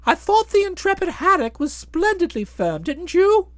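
A woman voicing a chatty, self-satisfied young gentleman in a bouncy, wordy way. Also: very high-pitched, big pitch swings, normal speed, dry recording. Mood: breezy. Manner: bouncy, wordy, fond of flowery phrases. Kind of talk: audiobook drama, narrating and voicing the hero.

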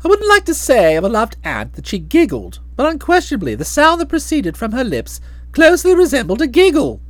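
Expressive woman narrating a comic audiobook. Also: sits high, a little fast, no room sound.

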